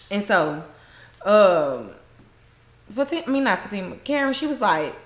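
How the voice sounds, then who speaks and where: A woman's voice: mid-range voice, sing-song, moderate pace, pauses often. A woman casually recapping a TV episode, retelling scenes in her own words with slang and frequent laughter. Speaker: recap host.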